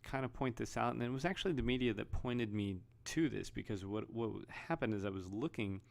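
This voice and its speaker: A man's voice: mid-range voice, brisk, gravelly. A man giving casual, rambling video commentary, often restarting and reading headlines aloud. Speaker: vlogger.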